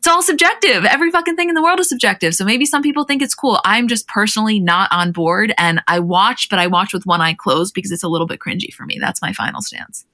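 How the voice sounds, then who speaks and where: Female podcast co-host, bright tone, casual animated chat. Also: mid-range voice. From New Jersey. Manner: animated, chatty, quick asides.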